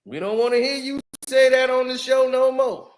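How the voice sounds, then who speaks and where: A man's voice: extremely high pitch, fairly even intonation, moderate pace. A man guesting on a casual podcast, telling stories animatedly with slang and frequent laughter. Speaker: guest, former basketball player.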